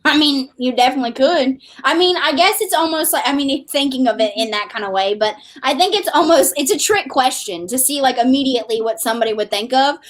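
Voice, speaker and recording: Chatty Southern woman, high voice. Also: fast, hardly any pauses. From American South. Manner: animated, chatty, laughs often. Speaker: podcast guest, romance author. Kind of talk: casual chat.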